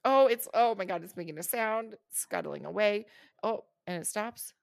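A woman co-hosting a casual chat, narrating a video as she watches and reacting with squeamish, excited exclamations. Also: mid-range voice, normal speed, gravelly, no echo, clean studio sound.

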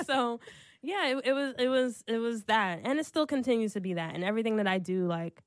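A woman's voice: fairly high pitch, normal speed, dry recording, studio quality. A woman in her thirties in a casual, heartfelt conversation, chatty, leaning on "like" a lot and laughing often. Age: 30s.

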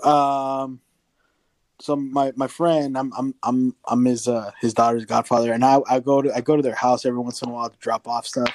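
A man with a dark, mellow voice talks loosely on a podcast, circling back and restarting his sentences as he goes. He drops the odd curse word along the way. His voice sounds dry and close, with no room around it. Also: medium pitch, little pitch movement, normal speed, no echo. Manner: rambling with many restarts, swears casually. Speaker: podcast co-host. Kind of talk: casual podcast chat.

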